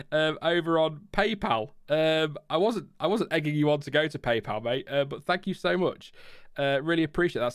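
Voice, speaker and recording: A man's voice: mid-range voice, smooth, dry recording, clean studio sound. Chatty man hosting a live stream. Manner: chatty, laughs often, reads chat and press releases aloud. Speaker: livestream host. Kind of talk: casual live stream chat.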